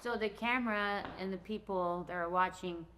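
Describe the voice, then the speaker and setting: A woman who is a staff member, speaking softly and affectionately in casual off-camera remarks. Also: mid-range voice, moderate pace. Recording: quiet, off-mic voice with faint background noise.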